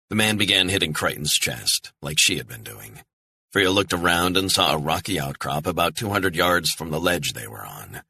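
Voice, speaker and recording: A man narrating a thriller audiobook in a tense, measured way. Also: low voice, sing-song, sharp tone, slightly rough, no echo.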